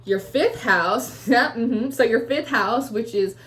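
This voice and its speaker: A woman's voice: fairly high pitch, slow pace. A woman giving a casual tarot reading, talking loosely with lots of fillers and acting out feelings with animation. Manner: chatty, many "like" fillers, swears freely; acts out the listener's feelings in a raised, animated voice. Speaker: tarot reader.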